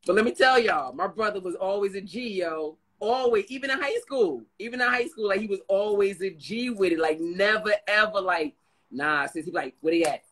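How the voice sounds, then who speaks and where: A woman hosting a casual chat, telling stories in an animated, slangy way. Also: mid-range voice, brisk, hardly any pauses, low-quality recording.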